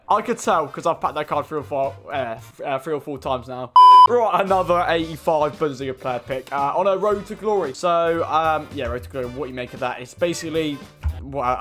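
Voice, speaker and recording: A young man commentating as he opens game card packs, excitable and swearing, with sudden shouts. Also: on the high side. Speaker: gaming YouTuber. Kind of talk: excitable pack-opening commentary.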